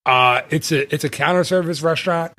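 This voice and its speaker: Podcast host, male, rambling and laughing a lot, slightly high voice, dry close mic. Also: brisk, pushed and bright, no room sound. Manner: rambling, laughs often, self-correcting. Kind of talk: casual chat.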